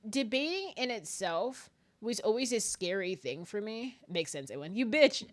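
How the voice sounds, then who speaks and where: Woman, streamer, casual chat, nervous rambling, giggly, very lively intonation. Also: a little high, a little slow. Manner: animated and giggly, frequent laughter; self-described very nervous, rambling with restarts.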